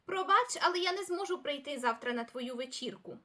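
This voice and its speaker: A young adult woman giving a recorded language lesson. She explains step by step, gives example sentences and repeats key words slowly. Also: sits high, expressive, bright, forceful tone. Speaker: language teacher.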